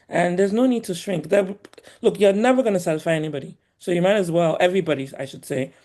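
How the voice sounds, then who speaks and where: A woman with a Nigerian accent softened by years in the US, talking as a guest in an animated, emphatic way and laughing often. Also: low voice. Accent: Nigerian, polished by years in the US. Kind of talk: casual conversation.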